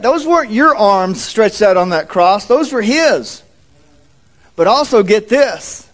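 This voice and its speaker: A man preaching a sermon as a pastor, in an animated, folksy manner. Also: high voice. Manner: animated, folksy, acts out quotes.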